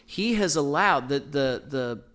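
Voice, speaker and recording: In a casual Bible study podcast, the male host explains verses thoughtfully in a teaching manner, frequently restarting. His voice is a little high and a bit bright, with lively intonation and a slightly slow pace.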